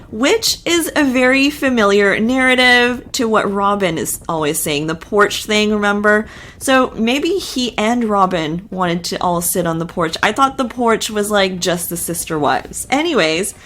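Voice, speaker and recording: A woman's voice: medium pitch, fairly bright tone. Chatty woman recapping a TV show. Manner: chatty, opinionated, lots of fillers. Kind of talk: casual TV recap and reaction.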